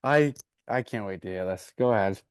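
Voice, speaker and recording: A man's voice: lowish voice, normal speed, clear, resonant tone, no echo, studio quality. A young man co-hosting a casual chat, reacting and prompting with laughs. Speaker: podcast co-host.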